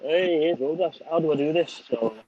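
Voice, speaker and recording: A man's voice: fairly high pitch, moderate pace, crowd noise. Chatty, swearing Scouse man outdoors. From England. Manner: swears freely, chatty, thanks viewers by name. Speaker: vlogger. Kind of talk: casual outdoor livestream chat. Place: outdoors on a windy sunny day. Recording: slightly dull lo-fi stream audio.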